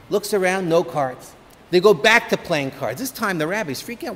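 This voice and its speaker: A man, a rabbi, giving an inspirational holiday talk full of lively, humorous stories. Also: sits high, fairly quick. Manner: animated, humorous storyteller. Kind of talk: motivational holiday talk with storytelling. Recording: long reverb of a hall.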